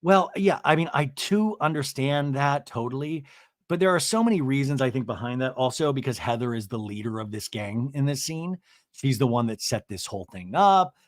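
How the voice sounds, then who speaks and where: A man's voice: medium pitch, lively intonation, moderate pace, no room sound. Self-mocking man recapping TV, dry sound. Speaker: podcast host. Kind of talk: comedic TV recap.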